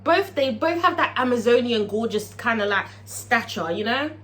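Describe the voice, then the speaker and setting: A woman recaps a TV episode in a casual, profane, animated vlog, laughing often. Her voice sits fairly high and rings bright and forceful. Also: moderate pace. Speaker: TV episode reviewer.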